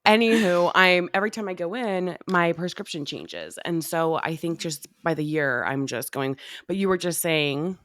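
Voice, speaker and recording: A woman's voice: on the low side, normal speed, hardly any pauses, a bit bright, no room sound. A woman co-hosting a podcast in a casual chat, a little nasal from a cold, with laid-back slang. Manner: chatty, laid-back slang like "dude" and "anywho". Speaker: podcast co-host.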